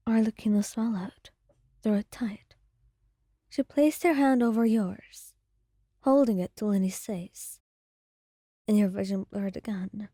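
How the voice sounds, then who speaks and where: A woman telling a story in whispered role-play, her voice breathy and mellow. She speaks very slowly, close to a dry mic. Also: medium pitch, no echo. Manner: soft, hushed narration.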